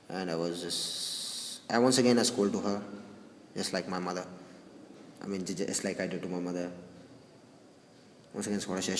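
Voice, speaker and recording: A grieving man recalling a family funeral, speaking haltingly with many restarts and sighs. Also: low-pitched, fairly even intonation. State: grieving, subdued. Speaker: grieving brother recounting a funeral. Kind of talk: personal spoken recollection. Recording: roomy reverberant hall with faint noise.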